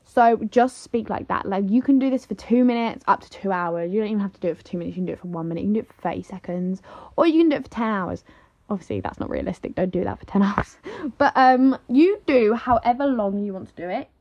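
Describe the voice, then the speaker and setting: A woman's voice: medium pitch, expressive, fast, a little mellow. A young woman, chatting casually in a vlog and saying "like" and "literally" all the time. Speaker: vlogger. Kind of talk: casual chat. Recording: slightly dull lo-fi audio.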